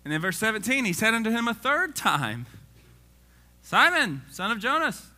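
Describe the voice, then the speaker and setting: Animated joking preacher man. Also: high-pitched, moderate pace. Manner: animated and joking, reads scripture aloud. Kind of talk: casual sermon.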